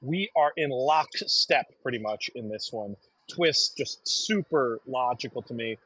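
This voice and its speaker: A male racing podcast co-host with a medium-pitched, husky, fairly bright voice speaks expressively and a little slowly, bantering and breaking down horse racing picks in a casual analysis chat. The recording is dry and dull, lo-fi, with no room sound.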